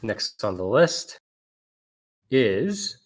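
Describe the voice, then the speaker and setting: A man's voice: mid-range voice, sing-song, very slow. A man hosting a casual podcast, reading out previews, laughing often and swearing casually. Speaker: podcast host.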